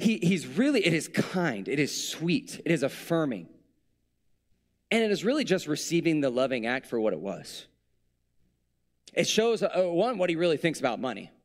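Animated, conversational male preacher. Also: a little high. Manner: conversational, reflective, with playful asides. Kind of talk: sermon.

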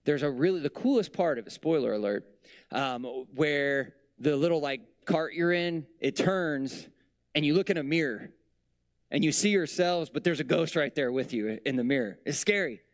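A man preaches in a loose, conversational way, dropping in jokes and asides. His voice sits a touch high and rises and falls with emphasis. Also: normal speed. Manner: conversational, humorous asides, lively pitch swings. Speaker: pastor. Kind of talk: casual sermon.

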